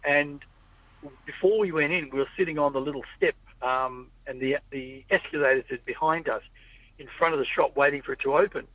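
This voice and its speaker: A man's voice: on the high side, a little fast, no room sound. A man chatting casually in a car, rambling through stories and quoting the people in them. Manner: rambling storyteller, acts out quoted people. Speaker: podcast host. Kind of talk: casual chat. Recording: tinny phone-like audio, dry.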